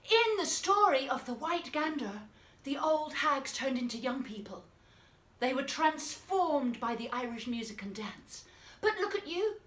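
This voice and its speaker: A woman teaching a playful children's drama lesson in an animated, encouraging manner. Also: sits high, a little slow. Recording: roomy, distant mic, faint noise.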